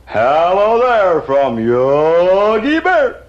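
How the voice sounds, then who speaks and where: A man voicing a jolly, boastful cartoon bear who tells folksy stories in a slow drawl with chuckles, in an old archive recording. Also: high voice, wildly swooping pitch, muffled recording, full character voice. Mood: cheerful.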